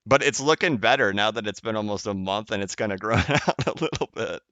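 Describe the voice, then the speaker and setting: A man's voice: lowish voice, brisk, fairly bright tone, no echo, highs cut off. A man hosting a crypto live stream, chatting casually as he reads viewer comments, rambling and correcting himself, often laughing.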